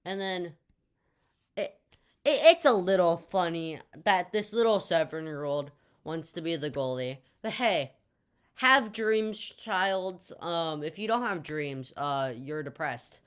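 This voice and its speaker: A woman's voice: lowish voice, lively intonation, slow, clear, resonant tone. A young woman telling a casual storytime tale, rambling with lots of jokey asides and fillers.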